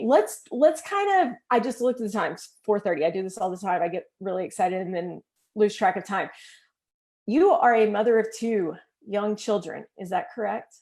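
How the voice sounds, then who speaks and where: A woman's voice: mid-range voice, darkish tone. A woman hosting a casual interview, talking in an enthusiastic, folksy way. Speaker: interview host. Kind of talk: casual interview over video call.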